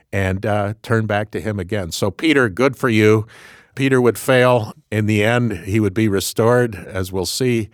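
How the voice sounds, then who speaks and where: A man's voice: fairly low pitch, unhurried, dry recording, clean studio sound. A man co-hosting a radio Bible program, explaining passages in a reflective, conversational way.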